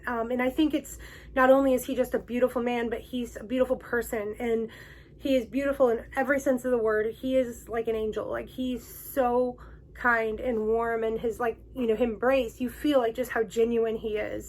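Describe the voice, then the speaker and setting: A young woman with a fairly high voice tells a fan story straight to the camera, excited and emotional, tripping over her words with fillers and restarts. Faint background noise sits under her voice. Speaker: vlog host. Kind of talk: casual personal storytelling to camera.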